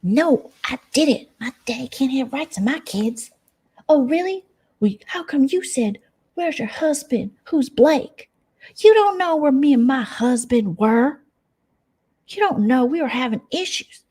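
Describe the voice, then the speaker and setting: Woman mimicking a shrill catty woman. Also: animated, unhurried, darkish tone, slightly rough, exaggerated voice. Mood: squabbling. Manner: high, mocking, catty. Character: shrill bickering woman in an online spat.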